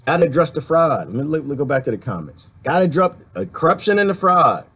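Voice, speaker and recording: A man from the D.C. area rants to his viewers in a loose, sarcastic commentary style. His voice sits a bit high for a man and swings widely in pitch as he gets worked up, breaking into laughs between points. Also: fast talker, husky. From Washington, D.C. area, US. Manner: animated, sarcastic, laughs often. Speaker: video host reading viewer comments. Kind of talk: ranting livestream commentary.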